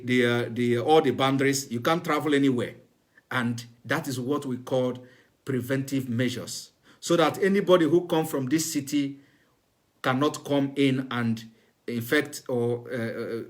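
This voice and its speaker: A man giving a repetitive, instructive demonstration to viewers in a live broadcast. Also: medium pitch. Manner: repetitive, instructive, plain spoken.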